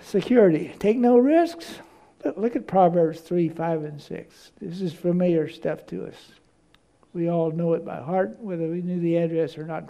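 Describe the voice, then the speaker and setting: A male preacher with a fairly high, gravelly voice and a dark, mellow tone. He preaches by telling stories and stumbles over repeated words as he looks for what to say next. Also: moderate pace. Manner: storytelling, repeats words when searching. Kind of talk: sermon.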